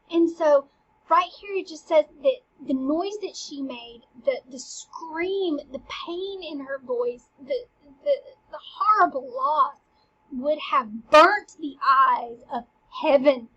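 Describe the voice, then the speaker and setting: A woman's voice: sits high, measured pace, a bit bright, highs cut off. A woman teacher casually explaining a play, chatty and full of "like". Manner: chatty, uses "like" a lot.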